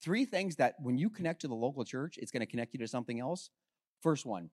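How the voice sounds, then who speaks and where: A man preaching a sermon as pastor, talking conversationally with rhetorical questions and swinging between hushed and loud. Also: medium pitch, animated, fairly quick.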